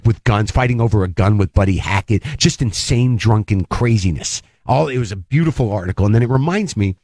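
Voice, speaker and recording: A man, a comedian and podcast host, telling an animated, rambling story as a guest on a talk radio show, often cutting himself off mid-sentence. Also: lowish voice, no echo. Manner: rambling, animated, self-interrupting.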